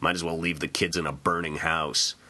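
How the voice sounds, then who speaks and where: Man reading a plainspoken, very deep-voiced cop. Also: flat delivery, fairly quick, pushed and bright, a little hiss or hum, full character voice. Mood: casual. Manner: casual, conversational, plainspoken. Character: blunt, easygoing male police officer.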